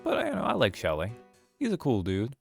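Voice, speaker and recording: A man's voice: medium pitch, wildly swooping pitch, brisk, gravelly, soft background music. A man streaming a game, chatting in rambling asides between the dialogue. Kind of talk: game commentary on a livestream.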